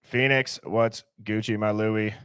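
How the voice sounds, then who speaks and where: A man's voice: on the low side, level tone, unhurried, a bit bright, smooth, no room sound, studio quality. A man hosting a livestream, greeting viewers by name and reading their comments in a casual, upbeat way. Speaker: livestream host.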